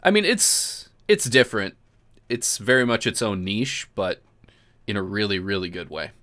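A man's voice: on the low side, expressive, normal speed, pushed and bright. A man hosting a casual livestream, chatting loosely with viewers, swearing often and laughing as he talks. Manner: laid-back, swears often, laughs while talking. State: drinking beer, burps. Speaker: host.

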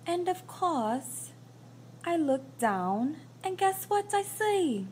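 A woman doing a prim, mock-posh British accent, high and very slow, drawing out every phrase. It's a casual phone vlog recorded on a work break. A faint hum sits behind the voice. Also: very animated, a little mellow, full character voice. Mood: amused. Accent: put-on British. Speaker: vlogger.

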